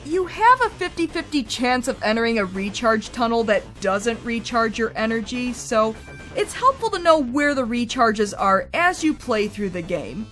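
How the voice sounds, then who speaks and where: Animated high-voiced woman reviewing games. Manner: wry, chatty, animated. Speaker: game reviewer. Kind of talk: scripted video game review narration.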